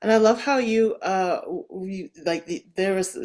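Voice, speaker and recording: A woman hosting a podcast interview, talking in an enthusiastic, animated way with lots of fillers and restarts. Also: mid-range voice, slow, hardly any pauses. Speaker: podcast host. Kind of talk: casual interview chat.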